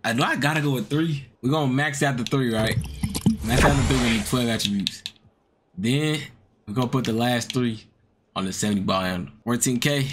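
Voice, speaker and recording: A man giving excitable commentary over his own basketball video game, trash-talking, swearing, muttering to himself and yelling when he scores. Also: medium pitch, slight background noise. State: out of breath. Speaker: gaming YouTuber. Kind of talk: live gameplay commentary. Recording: music playing under the voice.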